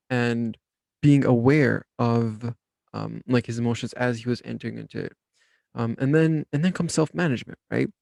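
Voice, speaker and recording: Young guy podcasting, gravelly voice, dry close sound, rambly with lots of ums. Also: mid-range voice, no room sound. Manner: relaxed, rambling with many fillers and restarts. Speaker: podcast host. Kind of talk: casual storytelling and self-help explanation.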